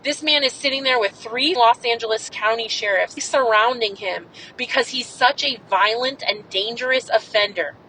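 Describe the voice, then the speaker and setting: A young adult woman podcast host in an impassioned monologue, angry and swearing hard. Her voice is bright and pitched a little high. A faint rumble sits under the recording. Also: moderate pace, few pauses, low-quality recording. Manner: angry, profane, emphatic.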